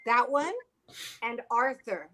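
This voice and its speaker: A woman's voice: on the high side, animated, slow, fairly bright tone. A woman on a video call panel, talking in an effusive, grateful, casual way. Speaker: panel guest.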